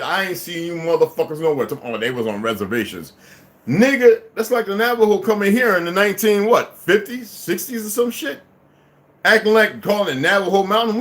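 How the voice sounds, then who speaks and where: A man's voice: a little high, a bit bright. A man in his fifties delivering a heated, profane, unscripted monologue as a vlogger.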